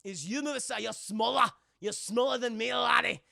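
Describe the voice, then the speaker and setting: Brief: man doing a brash Scottish brawler, raised pitch, loud taunts, gravelly edge, bright and dry. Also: normal speed, no echo, full character voice. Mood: taunting. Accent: Scottish, as put on. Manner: loud, taunting, rattles off insults. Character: brash, quarrelsome Scottish swordsman, big and boastful.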